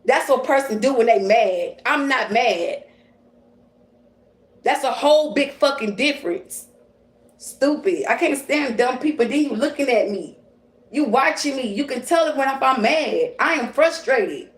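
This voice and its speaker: A woman's voice: sits high, animated, a little slow. A woman livestreaming as a psychic medium, ranting in a profane, confrontational, slangy way. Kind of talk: livestream rant. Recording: roomy and distant from the mic.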